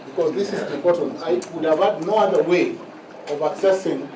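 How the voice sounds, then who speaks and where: A man argues before the bench in a formal, measured way, slowing down to press his points. His voice sits a little high. He is picked up from a distance in a reverberant courtroom with constant background noise. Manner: formal, measured, repeats "my lords" and slows to stress points. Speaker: advocate arguing in court. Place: large courtroom.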